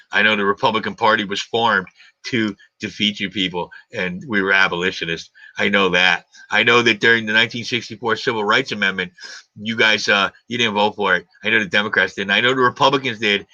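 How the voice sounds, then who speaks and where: A man's voice: fairly low pitch, bright, forceful tone, no echo. A man hosting a live stream, ranting combatively in a heated argument and hammering his points with repeated questions. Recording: dull lo-fi stream audio.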